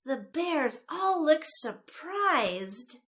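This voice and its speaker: A woman gives short descriptions of a storybook's pictures. She speaks slowly in a fairly high voice with lively rises and falls, plain and measured. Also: soft background music.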